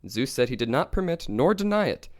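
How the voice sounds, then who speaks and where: A young man co-hosting a podcast, calmly retelling myths in a casual storytelling style. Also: medium pitch, fast. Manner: calm, even retelling of myths. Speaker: podcast co-host.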